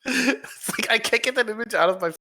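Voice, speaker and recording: A woman's voice: a little high, fairly quick, pushed and bright. A woman player in a tabletop game, joking and giggling through casual banter.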